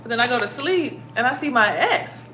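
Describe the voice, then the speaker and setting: A woman's voice: on the high side, moderate pace, slight background noise. Casual profane woman telling a spiritual story. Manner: profane, animated, acts out her own quoted reactions. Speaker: spiritual vlogger.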